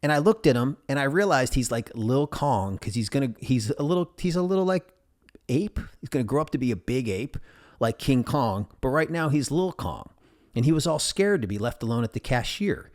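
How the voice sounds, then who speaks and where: A man's voice: mid-range voice, expressive, normal speed, a little mellow. A middle-aged man from New England hosting a casual solo podcast, rambling and joking as he talks. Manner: rambling, jokey, talks to his stuffed animals. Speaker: podcast host.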